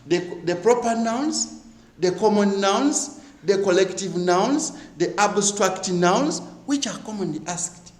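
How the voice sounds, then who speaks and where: A man's voice: high voice, expressive, slow, roomy sound, rough recording. A male teacher giving an exam review lesson, asking rhetorical questions and repeating key words for emphasis.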